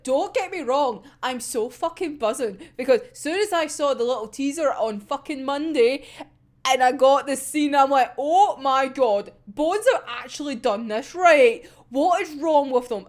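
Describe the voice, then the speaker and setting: Giggly, high-pitched woman. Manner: giggly, swears freely, acts out characters' lines. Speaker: anime reviewer. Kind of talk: casual episode discussion.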